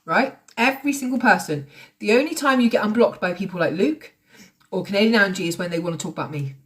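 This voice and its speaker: A woman in her late thirties rants at home on TikTok Live, sounding confrontational, sarcastic and sweary. Her voice is medium-pitched, a bit bright and animated, and she talks fast in this heated livestream rant.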